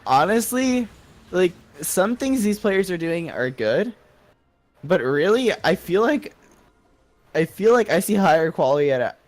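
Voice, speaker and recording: A man who coaches, co-casting a game match in a relaxed, rambling way. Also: high voice, a little slow. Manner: laid-back, meandering, with many fillers and restarts. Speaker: co-caster and coach. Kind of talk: casual commentary chat.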